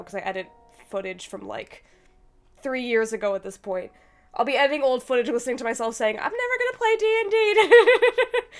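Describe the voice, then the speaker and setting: A woman's voice: mid-range voice, vocal fry. A young woman streamer chatting casually with her brother, rambling and hesitant with many fillers, sounding feverish. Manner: rambling, hesitant, full of likes and ums, laughs often. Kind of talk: casual chat.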